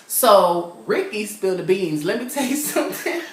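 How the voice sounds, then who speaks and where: A young man from California talks in a sassy, animated way, slipping into the characters as he recaps. His delivery is casual, like a chat with friends. The room around him rings with a noticeable echo. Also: high-pitched, brisk, few pauses. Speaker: TV show reviewer. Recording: roomy echo.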